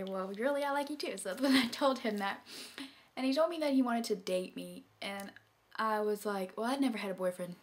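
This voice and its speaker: A young woman telling a personal story to her camera, chatty and full of filler words, dropping into soft whispers when she quotes people. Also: medium pitch. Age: young adult. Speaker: vlogger. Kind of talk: casual storytime vlog.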